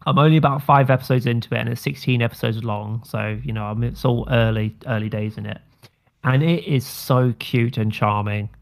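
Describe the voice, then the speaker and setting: A man's voice: mid-range voice, steady tone, brisk, creaky. A man co-hosting a casual podcast live stream, rambling enthusiastically and swearing now and then. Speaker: podcast co-host. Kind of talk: casual chat. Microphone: streamed call mic.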